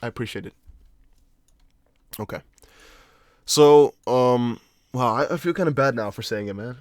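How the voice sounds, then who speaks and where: A young man who is not a native English speaker talks casually on a live stream, rambling through viewer comments and often restarting his sentences. His voice sits at an ordinary middle pitch, and it is recorded close and dry, with no room sound. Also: animated, slow pace, long pauses, no room sound. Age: young adult. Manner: chatty, rambling, with frequent restarts and apologetic asides. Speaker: crypto livestream host.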